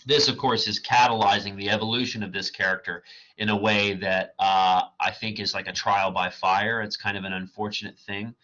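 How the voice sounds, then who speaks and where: Man, literature lecture, thoughtful and halting, bright tone, muffled recording. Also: fairly low pitch, fairly even intonation. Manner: thoughtful, with frequent fillers and restarts.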